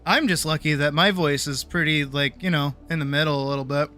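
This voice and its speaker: A woman's voice: low-pitched, normal speed. A woman streamer chatting casually, swearing a lot and mocking herself. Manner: profane, animated, self-mocking. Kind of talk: casual live-stream chat. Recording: faint music behind.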